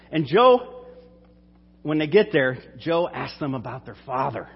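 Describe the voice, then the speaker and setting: Preacher guy retelling a bible story, slightly high voice, echoey dull hall sound. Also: lively intonation, a little slow, vocal fry, slightly rough. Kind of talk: sermon with scripture reading.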